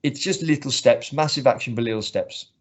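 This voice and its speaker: A man's voice: mid-range voice, brisk, a bit bright. A man who coaches martial arts, talking earnestly in a casual interview and often restarting his sentences. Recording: slightly muffled lo-fi recording.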